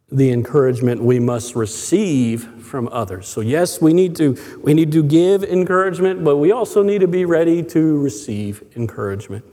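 A man's voice: medium pitch, dark tone, long reverb tail. A male pastor preaching a sermon in a conversational, story-telling way, often restarting his sentences.

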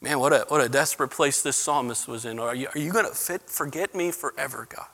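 A man's voice: medium pitch, quick pace, few pauses, bright, forceful tone, big-room sound. A man preaching a sermon as pastor, repeating words as he builds, rising into passionate pleading. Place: church sanctuary.

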